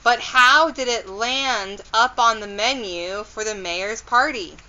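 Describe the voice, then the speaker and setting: A determined young girl detective from a children's storybook, read by a woman. The delivery is slow and earnest, the voice bright. There is a slightly dull, lo-fi quality to the recording. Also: on the high side.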